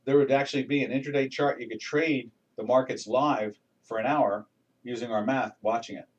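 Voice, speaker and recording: A man's voice: medium pitch, steady tone, normal speed, far from the mic, muffled recording. An older man hosting a live trading webinar, talking through charts in a folksy, rambling way with many restarts and fillers. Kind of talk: casual live market commentary.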